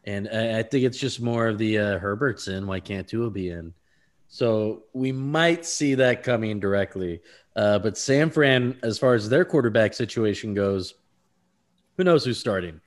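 Rambling, laughing male sports podcaster. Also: lowish voice. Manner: fast, rambling analysis with laughs and stumbles over names. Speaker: podcast co-host. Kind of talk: casual sports chat.

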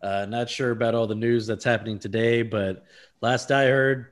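This man co-hosts a relaxed sports talk show at a mid-range pitch. He runs through his analysis in long, loose stretches, laughing as he goes and stumbling over hard names. The delivery stays casual and chatty. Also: moderate pace. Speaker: podcast co-host.

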